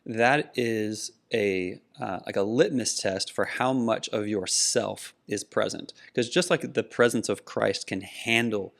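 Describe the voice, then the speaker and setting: A middle-aged man with a lowish voice that keeps slipping into a gravelly fry. He co-hosts a podcast and tells a personal story in an earnest, casual way. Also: unhurried, few pauses, a bit bright. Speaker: podcast co-host. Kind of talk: casual conversation.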